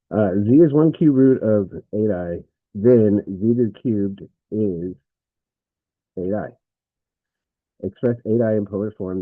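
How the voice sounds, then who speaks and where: A lower-voiced man works through a math lesson, talking his way through each step and catching his own slips. His voice sounds thin and phone-like, with no room echo at all. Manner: thinks aloud, self-correcting, frequent fillers. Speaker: math teacher.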